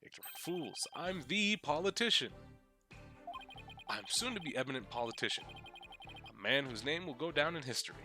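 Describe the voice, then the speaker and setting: Here is a preening, self-important young politician who proclaims every line grandly, as a man puts him on. His voice is pushed well above a normal speaking pitch. Game music plays clearly underneath. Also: lively intonation, normal speed, long pauses, natural voice. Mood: haughty. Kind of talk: reading game dialogue aloud in voices.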